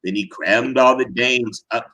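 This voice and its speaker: A man's voice: medium pitch, unhurried, sharp tone, low-quality recording. A man giving a dramatic reading of a rhyming tale with a theatrical, sing-song delivery. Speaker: reader.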